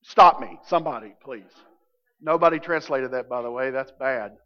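A man preaching a sermon as pastor, animated, swinging from loud emphatic lines to quiet low ones. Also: moderate pace. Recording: dull lo-fi sound with long hall reverb.

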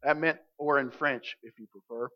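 A man preaching a sermon as pastor, animated, swinging from loud emphatic lines to quiet low ones. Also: moderate pace, slight background noise. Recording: dull lo-fi sound with long hall reverb.

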